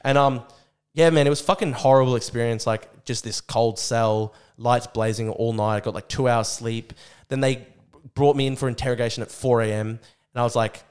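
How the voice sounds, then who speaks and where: A young Australian man, a podcast guest, telling a story in a rapid, profane, excitable way. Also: medium pitch, smooth. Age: young adult. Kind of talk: casual storytelling.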